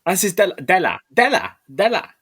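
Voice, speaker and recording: Animated podcast co-host, voice swooping. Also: medium pitch, fairly quick, husky. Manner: animated, incredulous. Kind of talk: casual chat.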